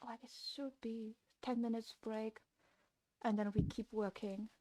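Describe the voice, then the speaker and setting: A woman's voice: a little high, level tone, unhurried, mellow. A young woman streaming her game development, talking to herself while she codes, swinging from frustrated to gleeful. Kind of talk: casual livestream commentary while coding.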